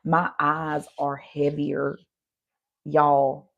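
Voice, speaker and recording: Her voice sits low and creaky, a bit bright, with a flat delivery that's extremely slow, and the audio is dull. A tarot reader with a slight Southern country accent, she gives a casual, chatty reading, tired from driving overnight, addressing y'all and asking "right?" again and again.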